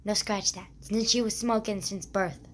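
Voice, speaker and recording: A young woman with a hoarse, croaky, scratchy voice, chatting casually to camera, rambling and swearing as she talks. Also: mid-range voice, fairly even intonation, normal speed, fairly bright tone. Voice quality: scratchy rasp. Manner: rambling, swears often, heavy use of "like". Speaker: vlogger.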